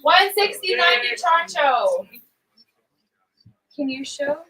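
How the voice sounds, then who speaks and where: A woman co-hosting a live art auction, chatty and quick, calling out bids. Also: extremely high pitch, big pitch swings, pushed and bright, distant mic, rough recording. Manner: quick, chatty, often laughing. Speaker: auction co-host. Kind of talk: casual live-stream chat.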